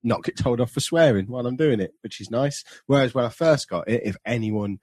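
A man's voice: mid-range voice, fairly quick, a little mellow, husky, no room sound. A man co-hosting a podcast, chatting casually with wry, joking asides. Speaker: podcast co-host. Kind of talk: casual chat.

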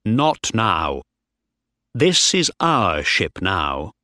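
A man's voice: sits low, very animated, extremely slow, bright, forceful tone, dry recording, clean studio sound, heavily acted. A man voicing a desperate ship officer who turns into a determined mutineer. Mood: commanding. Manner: tense, determined.

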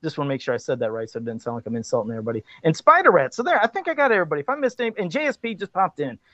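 Man hosting a live show, crude casual banter, swinging pitch, dry dull lo-fi sound. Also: racing, dry recording. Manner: laughs often, swears freely, animated storyteller. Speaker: host of a live chat show.

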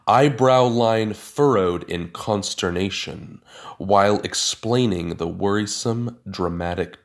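A man's voice: lowish voice, gravelly. A man narrating a first-person story with dry, sardonic asides.

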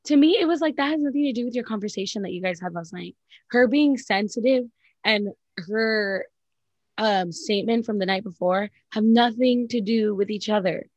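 A young woman chats in a relaxed, casual way, blunt and emphatic, swearing freely and peppering her talk with "like." Her voice sits at a middling pitch for a woman. It is recorded close and dry, with no room sound. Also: moderate pace, no echo, lo-fi sound. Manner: blunt, profane, emphatic, heavy use of "like". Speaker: podcast co-host. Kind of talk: casual chat.

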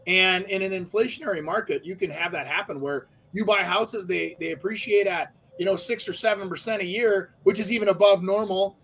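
A man's voice: sits high, a little fast, few pauses, fairly bright tone, rough recording. A man co-hosting a casual real estate talk, chatty with many fillers and restarts. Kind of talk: casual chat.

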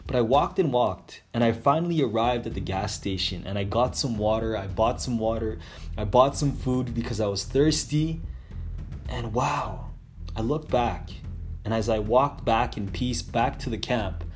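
A man at an ordinary mid pitch tells a motivational story, looping back over the same phrases. He keeps repeating himself and pushes hard on key words, rambling with sudden emphatic bursts. Soft music plays faintly underneath. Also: moderate pace. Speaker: motivational speaker.

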